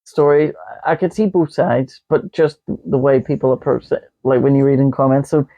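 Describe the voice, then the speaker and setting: A man's voice: medium pitch, steady tone, moderate pace, gravelly. Man, podcast co-host, rambling jokey chat, fillers, muffled lo-fi recording. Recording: dull lo-fi podcast audio.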